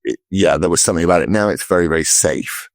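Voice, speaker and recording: A man's voice: low-pitched, quick pace, no echo, studio quality. A man co-hosting a podcast, chatting casually in a rambling, jokey way with little mock voices. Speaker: podcast co-host. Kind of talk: casual chat.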